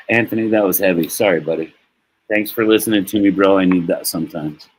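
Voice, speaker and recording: A low-pitched American man with a husky, slightly breathy voice talks straight to his stream viewers. He rambles in a heartfelt, salty way, drifting between stories and big feelings, with laughs along the way. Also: a little fast, poor audio. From United States. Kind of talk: casual rambling monologue.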